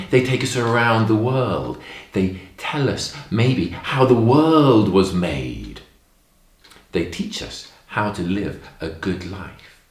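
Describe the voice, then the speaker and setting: A man telling stories to young children in a lesson, expressive and emphatic, acting out the lines in a story. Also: low-pitched, echoey room.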